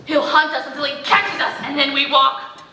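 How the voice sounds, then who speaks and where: A woman's voice: high voice, level tone, normal speed, sharp tone, recorded from a distance, soft background music, heavily acted. A woman playing a bumbling, fawning male pirate sidekick on stage, drawling and chuckling, in an echoey hall. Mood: wheedling. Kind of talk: stage play acting. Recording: echoey hall recorded from the audience.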